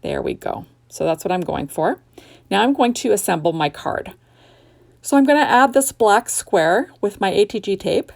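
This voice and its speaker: A middle-aged woman chatting casually through a card-making tutorial in her home craft room, unhurried and full of fillers and restarts. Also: medium pitch, wildly swooping pitch, gravelly.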